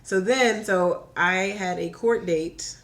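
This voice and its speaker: A woman from Virginia chatting on a podcast as a guest, telling a story in a lively way and acting out the voices she quotes. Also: on the low side, takes it slowly. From Hampton Roads, Virginia. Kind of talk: casual chat.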